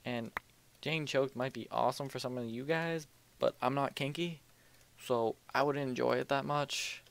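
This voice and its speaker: A man's voice: mid-range voice, steady tone, moderate pace, vocal fry, a little hiss or hum. A young man casually commentating his gameplay at home, rambling, joking and muttering to himself as he plays. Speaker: let's play host. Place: home room at night.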